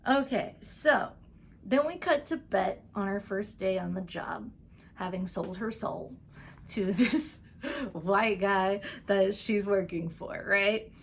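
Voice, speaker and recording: A woman's voice: mid-range voice, a little hiss or hum. A woman giving a casual, gushing recap of TV episodes, chatty and full of "like" and "um", briefly acting out the characters' lines. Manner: acts out characters' lines in quick asides. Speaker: TV recap and tarot vlogger.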